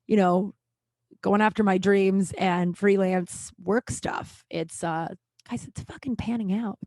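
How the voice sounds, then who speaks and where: A woman's voice: on the high side, a little mellow, no echo. A woman hosting her own podcast, telling a rambling story in casual chat, swearing freely and restarting her sentences often. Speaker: podcast host.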